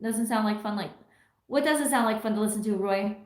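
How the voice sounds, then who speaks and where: A woman's voice: medium pitch, brisk, darkish tone. A middle-aged woman hosting a tarot livestream, chatting casually and reading viewer comments aloud with frequent laughs. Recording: echoey room.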